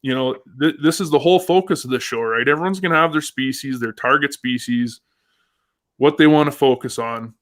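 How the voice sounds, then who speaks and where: A man's voice: mid-range voice, fairly quick, a bit bright. A man hosting a casual live fishing show, upbeat and chatty, reading out viewer comments. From Canada. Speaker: host.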